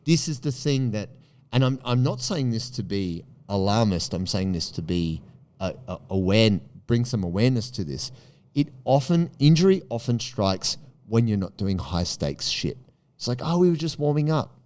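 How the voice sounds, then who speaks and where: A man hosting a podcast, talking in an emphatic way and jumping up high in pitch for punchy questions. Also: lively intonation, normal speed, darkish tone. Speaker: podcast host. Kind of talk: animated podcast monologue.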